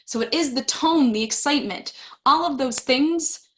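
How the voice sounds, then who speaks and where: Presenting a webinar for adult educators, a woman speaks in a high, slightly bright voice at a normal speed. She's casual and friendly, laughing along with the chat and reading comments aloud as she reacts to them.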